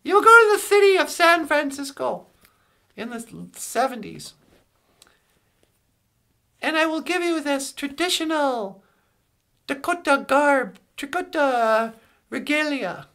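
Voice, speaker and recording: A man's voice: extremely high pitch, animated, slow pace, pauses often, sharp tone, exaggerated voice. A man voicing a cheerful, rambling male frog puppet who calls in to tell a joke, with lots of restarts and asides. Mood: joking. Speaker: caller telling a joke. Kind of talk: comedic call-in impression.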